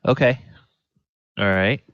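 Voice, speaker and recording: Deep slow-talking male game master. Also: a bit bright. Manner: unhurried, thinks aloud with fillers. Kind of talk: running a tabletop game. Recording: dull lo-fi audio.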